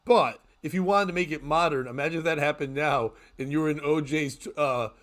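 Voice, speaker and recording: The male host of a live morning talk stream has a fairly high, fairly bright voice and talks a little fast. His chat is loose and jokey, with plenty of laughter.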